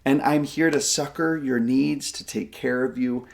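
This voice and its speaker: Guy in his 40s, a bit gravelly, chatty scripture podcast, gets really animated. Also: unhurried. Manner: animated, jumps up in pitch when voicing God's kindness. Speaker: co-host of a scripture study podcast. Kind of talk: casual scripture discussion.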